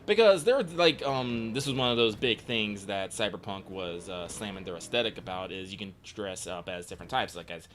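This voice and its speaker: A man's voice: fairly low pitch, normal speed, hardly any pauses, a bit bright, a little hiss or hum. A man co-hosting a podcast in casual gaming chat, often hesitating and trailing off with fillers. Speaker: podcast co-host.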